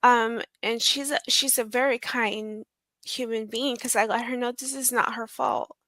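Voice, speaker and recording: A woman telling her personal story in an interview, hesitant, with many ums and pauses. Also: a little high, steady tone, sharp tone, no echo. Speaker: guest sharing her survival story.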